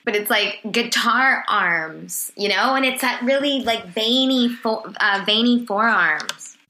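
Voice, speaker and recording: A woman's voice: a little high, slow pace, bright, forceful tone. A woman guest comedian in casual podcast chat, giggling often and talking chattily with lots of "like". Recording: roomy echo with faint noise.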